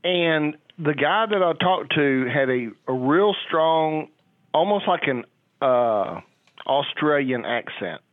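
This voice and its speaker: A man's voice: a little high, expressive, slow pace, no room sound. An older man on a phone call, a father who talks in a rambling, hesitant way with many fillers. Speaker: caller, a father. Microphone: telephone. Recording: tinny phone line.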